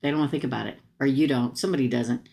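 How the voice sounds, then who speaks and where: A woman's voice: rumbling low, very fast, vocal fry, mellow. A woman reading tarot cards on a live stream, chatting straight to her viewers in a casual, blunt way with slangy asides. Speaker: tarot reader.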